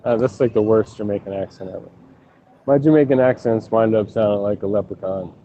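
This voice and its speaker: A man's voice: lowish voice, a little fast, lo-fi sound, a little hiss or hum. Profane, joking man in voice chat. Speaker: gaming lobby regular. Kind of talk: casual gaming voice chat.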